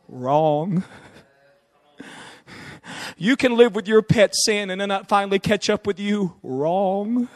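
A man preaching a revival sermon, fiery and shouting in a repetitive cadence. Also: high voice.

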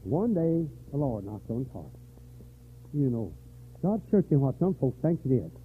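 An older man preaching a revival sermon, dropping to weary low talk and rising to shouted, high-pitched fervor. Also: very animated, moderate pace, slightly rough. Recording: tinny lo-fi church recording.

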